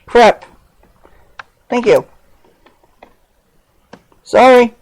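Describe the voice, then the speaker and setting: A woman's voice: on the high side, animated, drawn-out words, darkish tone, poor audio. A woman hosting an online talk show, mocking a rival in sarcastic, exclaiming commentary. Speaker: podcast host. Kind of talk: ranting commentary on a played clip.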